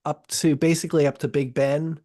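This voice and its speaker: A man's voice: a little high, flat delivery, a little fast, warm tone. A man co-hosting a podcast in casual chat, telling stories in a rambling, profane way with many restarts. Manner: rambling, profane, self-interrupting storyteller. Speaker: podcast host.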